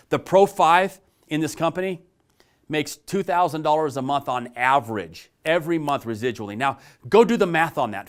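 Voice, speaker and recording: A middle-aged man giving a persuasive sales pitch to the viewer as a network marketing presenter. He talks emphatically and stacks up rhetorical questions. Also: a bit bright.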